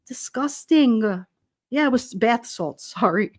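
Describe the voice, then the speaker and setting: A woman's voice: a little high, expressive, takes it slowly, dry recording, studio quality. A middle-aged woman hosting a casual live-stream chat, rambling, laughing often and reading out viewer comments. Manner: chatty, laughs often, rambling with many fillers. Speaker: livestream host.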